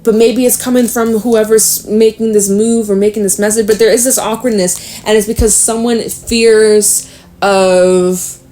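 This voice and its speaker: A young woman doing a casual tarot reading, chatty and thinking out loud with sudden exclamations. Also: medium pitch. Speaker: tarot reader.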